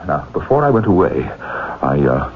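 A stammering, haunted professor. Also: male voice, a bass voice, big pitch swings, measured pace, full character voice. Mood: agitated. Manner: hesitant, stammering, agitated. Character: anxious, haunted middle-aged male professor. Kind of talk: 1960s radio drama acting. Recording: tinny phone-like old radio audio with faint noise.

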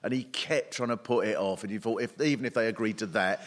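A comedian on a panel, telling mocking stories in an animated way. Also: male voice, lowish voice, fast. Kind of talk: comic panel discussion.

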